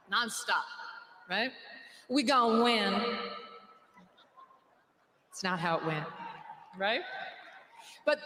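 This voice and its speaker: A woman's voice: on the high side, fairly bright tone. A woman giving a political rally speech, joking and mocking in a sarcastic way. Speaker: rally speaker. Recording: echoey arena with faint crowd noise.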